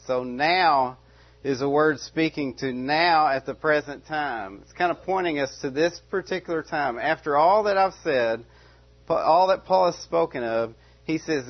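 A man preaching a sermon, stressing and repeating key words and lifting his voice on questions. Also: mid-range voice. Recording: dull lo-fi recording.

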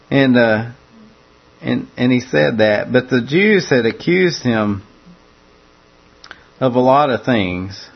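A man's voice: mid-range voice, slow pace, creaky, long pauses, lo-fi sound. A man preaching a conversational sermon that walks through a scripture passage, often repeating words as he restarts his phrases.

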